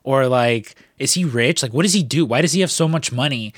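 Man, mid pitch, dry close sound, loose rambling storyteller who swears a lot. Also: fairly quick, dry recording. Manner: rambling storyteller, swears freely, many fillers. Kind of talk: casual chat.

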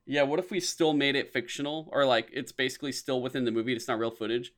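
A young man co-hosting a podcast in casual chat, rambling and swearing, his voice jumping high whenever he acts out a reaction. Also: fast. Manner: rambling, animated, swears often, voice jumps high when quoting reactions. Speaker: podcast co-host.

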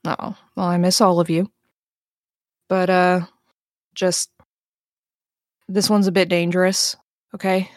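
A woman playing Mav, cocky low-voiced scavenger. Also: little pitch movement, slow, long pauses, no echo, studio quality. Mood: reassuring. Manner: reassuring, brushes off worry. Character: seasoned adult scavenger, cocky yet protective.

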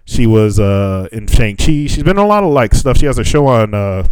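A man's voice: lowish voice, expressive, moderate pace, background noise. A man co-hosting a podcast in loose, casual chat, swearing freely and laughing often. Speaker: podcast co-host.

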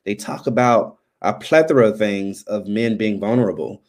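A man's voice: lowish voice, normal speed. A man hosting a live stream, chatting loosely as he signs off, with many ums and restarts. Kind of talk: casual live stream sign-off chat.

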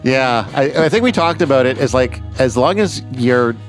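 A man's voice: medium pitch, animated, normal speed, soft background music. Joking male player in casual tabletop chat. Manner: joking, rambling, laughing often.

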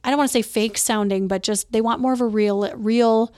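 Crisp, lighthearted woman chatting. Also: a little high, fairly even intonation, a little fast, darkish tone, no room sound, studio quality. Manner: chatty, lots of fillers. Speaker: guest, voice actor. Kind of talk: casual chat.

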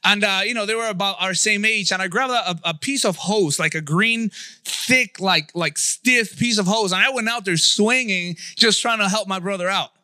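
A man's voice: sits high, moderate pace, bright, forceful tone, no echo, studio quality. A man in his thirties giving a conversational sermon, often checking in with his listeners. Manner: conversational preaching, asks the audience. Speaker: pastor.

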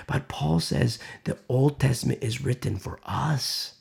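A man preaching a sermon, swinging from loud emphatic lines to hushed whispers. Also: fairly high pitch, very animated, unhurried, creaky, hardly any pauses, breathy edge. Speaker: pastor.

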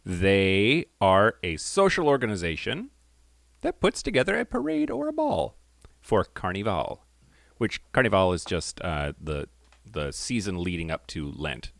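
Lively low-voiced man riffing on a podcast. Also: a little slow, creaky, no room sound. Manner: giggly, riffing, bursts into high squeals. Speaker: podcast co-host. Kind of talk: casual podcast chat.

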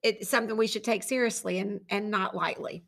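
A woman in her forties hosting a podcast, chatting casually with lively storytelling and frequent laughter. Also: medium pitch, brisk, gravelly. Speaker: podcast host. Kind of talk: casual conversation.

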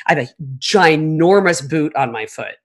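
A woman in her fifties hosting a podcast, telling stories in a lively, profane, joking way. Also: low voice, normal speed, breathy edge. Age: 50s. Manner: animated, profane, laughing storyteller. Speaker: podcast host. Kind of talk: casual storytelling chat.

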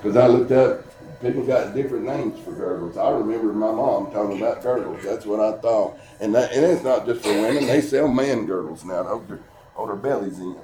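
A man's voice: fairly low pitch, mellow, a little hiss or hum. Man preaching in an echoey church. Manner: earnest storytelling preaching, slows for scripture. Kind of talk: sermon. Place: church service. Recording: echoey church room with music behind.

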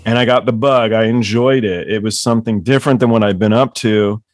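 Appearing as the author on a laid-back book club chat, a man spins profane, meandering stories and laughs along the way. He talks a little fast in a fairly low voice with fairly even intonation, and the studio-quality recording has no room sound.

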